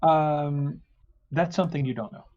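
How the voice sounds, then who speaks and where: A man narrating a tabletop game as game master, halting and full of fillers, in slightly muffled audio. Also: on the high side, dark tone.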